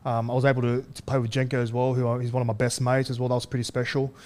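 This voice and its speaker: Young man, casual interview guest, halting and relaxed, lots of fillers, mid pitch. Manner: relaxed, halting, many fillers and restarts, laughs through stories. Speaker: interview guest, rugby league player.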